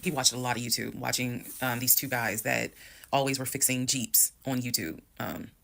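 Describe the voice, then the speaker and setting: A woman telling a personal story to her followers in a calm, measured way with blunt language. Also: rumbling low, creaky, slight background noise. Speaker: storytime creator.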